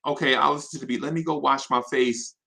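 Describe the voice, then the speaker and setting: A man's voice: mid-range voice, fairly even intonation, fast, vocal fry, sharp tone. A man imitating a sleepy, laid-back rapper in a drowsy, unbothered way.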